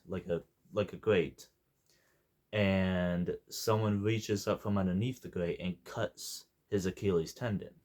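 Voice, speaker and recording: Deep, mellow young man rambling. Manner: rambling, goes off on tangents, jokey. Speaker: movie reviewer. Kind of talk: casual unscripted review.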